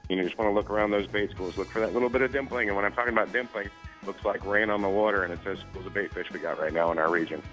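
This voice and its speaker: A man's voice: fairly low pitch, steady tone, rapid-fire, fairly bright tone, faint music behind, low-quality recording. A man hosting a regional fishing report, steadily listing spots, baits and species.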